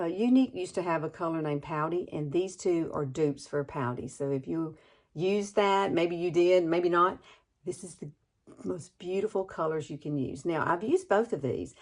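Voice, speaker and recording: A woman's voice: fairly low pitch, darkish tone. A woman in her sixties chatting through a makeup tutorial at home, gushing and enthusiastic as she talks viewers through each step. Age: 60s. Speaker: beauty vlogger.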